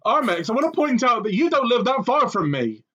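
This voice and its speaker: A man's voice: extremely high pitch, big pitch swings, a little fast, a bit bright, lo-fi sound. A British man from Bristol hosting a podcast, chatting and arguing playfully. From Bristol, England. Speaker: podcast host.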